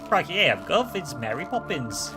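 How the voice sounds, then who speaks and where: A man's voice: on the high side, very animated, normal speed, music in the background. A man giving casual commentary while playing a video game, chatting and swearing freely between puzzles. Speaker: game streamer.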